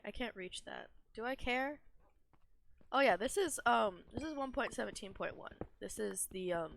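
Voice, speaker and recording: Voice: mid-range voice, gravelly, fairly bright tone, a little hiss or hum. A young adult streamer giving casual, rambling gameplay commentary, self-deprecating and often laughing. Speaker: gaming streamer.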